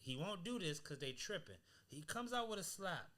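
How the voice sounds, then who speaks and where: Bright-voiced animated male podcast host. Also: high voice, moderate pace. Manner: animated, emphatic, heavy slang. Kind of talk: casual podcast chat.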